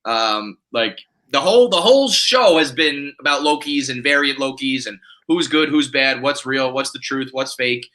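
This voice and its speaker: A man's voice: mid-range voice, expressive, normal speed, few pauses, pushed and bright. A man on a podcast speculating about a show in an easygoing way. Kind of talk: casual podcast chat.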